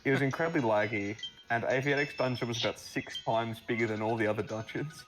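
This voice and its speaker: A man's voice: mid-range voice, fast, over music, rough recording. A man telling a rambling story full of fillers during a casual gaming chat, speaking over a voice call. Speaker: map builder guiding a playthrough.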